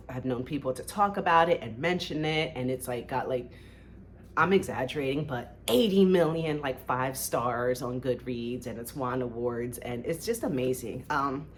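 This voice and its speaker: A woman's voice: low voice, a little hiss or hum. A woman chatting casually about books she loves, gushing and rambling with lots of filler words. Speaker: book vlogger. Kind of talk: casual book review chat.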